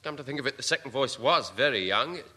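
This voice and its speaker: Brief: fumbling polite gent, bright lively voice. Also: male voice, medium pitch, fast, breathy edge. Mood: hesitant. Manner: hesitant, umming. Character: hesitant polite middle-aged gentleman. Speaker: visitor returning a purse. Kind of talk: 1950s radio sitcom acting.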